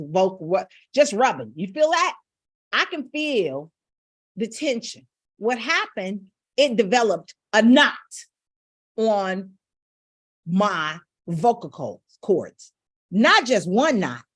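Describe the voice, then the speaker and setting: A woman's voice: medium pitch, expressive, takes it slowly, pauses often. A middle-aged woman vocal coach, teaching with emotion and repeating phrases for emphasis. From Gary, Indiana, USA.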